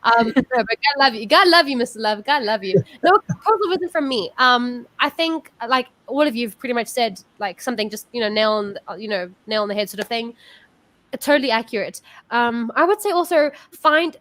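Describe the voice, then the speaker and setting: A woman's voice: fairly high pitch, expressive, a little fast, fairly bright tone, no room sound. A South African woman hosting an online music show, effusive and bubbly, laughing often, on a video call. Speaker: host.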